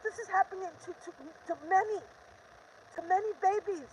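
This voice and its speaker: A woman's voice: very high voice, fairly even intonation, fairly quick, darkish tone, a little hiss or hum, poor audio. An older woman hosting a live stream, talking in an urgent, defiant, repetitive rant. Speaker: livestream host.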